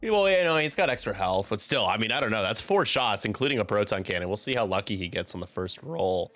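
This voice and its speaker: A man commentating a tabletop game match live, in a casual, chatty play-by-play with quick asides. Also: on the low side, a bit bright, dry recording, soft background music.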